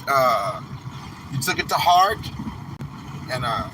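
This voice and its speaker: A man hosting a casual live stream, talking to his viewers in a slow, emphatic, preachy way. He stretches out the words he wants to stress. Steady car and road noise runs loudly under his voice. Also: a little high. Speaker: livestream host.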